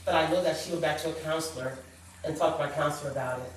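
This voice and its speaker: A woman's voice: low-pitched, fairly even intonation, quick pace, a little hiss or hum. A middle-aged woman, a guest author, sharing a personal story on a talk show in an earnest, reflective way. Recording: echoey room, far from the mic.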